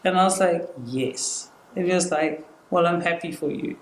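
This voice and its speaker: Speaking a little fast in a lowish, steady voice, a young woman from South Africa shares a personal story as a guest in a relaxed chat. She tells it with energy, performing the dialogue she quotes; the room sounds roomy, with faint background noise.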